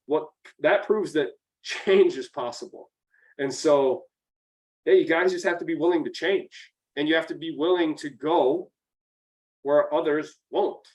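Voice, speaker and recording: This upstate New York man talks with a slightly high voice. He is a podcast guest giving blunt, profane, emphatic business coaching in casual motivational chat. He sounds a little distant from the microphone. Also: unhurried. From central New York.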